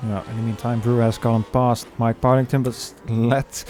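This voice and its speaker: A man commentating a sim race, calling the action with many pauses and fillers. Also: medium pitch, level tone, a little mellow, faint music behind. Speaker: lead commentator.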